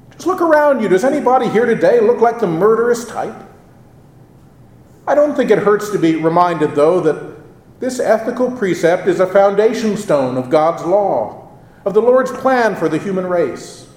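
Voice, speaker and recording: A male pastor delivering a sermon, measured and expressive, drawing out the quoted lines for emphasis. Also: high voice. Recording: roomy echo.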